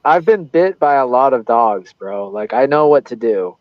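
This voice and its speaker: A man's voice: mid-range voice, expressive, normal speed, no echo. A man in casual podcast chat, giving blunt, emphatic advice. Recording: dull, dry lo-fi sound.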